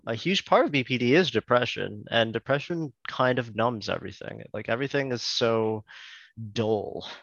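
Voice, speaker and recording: A man, a podcast guest, talking hesitantly in a casual interview, with many pauses and restarts. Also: mid-range voice, fairly bright tone, no room sound, lo-fi sound.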